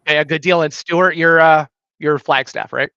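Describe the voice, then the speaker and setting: A man's voice: a little high, steady tone, normal speed, pushed and bright, smooth, no room sound, highs cut off. A man hosting a podcast in a loose, jokey, casual chat, often restarting his sentences. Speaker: podcast host.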